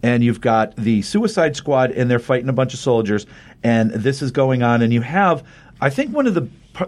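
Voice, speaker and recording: A man's voice: medium pitch, darkish tone. A man casually recapping a comic book on a podcast, chatty and rambling, often restarting his sentences. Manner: chatty, rambling, with frequent restarts and quoted dialogue.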